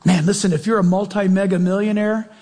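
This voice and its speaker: Animated male preacher, high and husky, long hall reverb. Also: fairly quick. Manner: animated, acts out quotes, questions the audience. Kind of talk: sermon.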